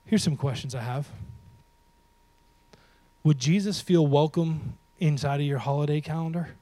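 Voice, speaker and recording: A man preaching a sermon, animated and humorous, talking straight to his audience and dropping to a hush for emphasis. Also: a little high, moderate pace, no echo. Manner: animated, swings from loud to hushed for emphasis; humorous, talks to the audience directly. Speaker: pastor.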